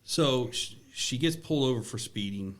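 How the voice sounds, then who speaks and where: A man's voice: medium pitch, animated, moderate pace, fairly bright tone. A man on a podcast casually telling a story about his daughter, sounding exasperated. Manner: exasperated dad telling a family anecdote.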